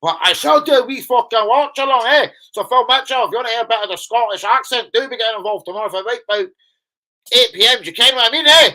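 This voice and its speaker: A man's voice: very high-pitched, fast talker, pushed and bright, poor audio. A young adult man hosting a football fan livestream, chatting casually with heavy swearing and rambling banter. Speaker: football fan channel host.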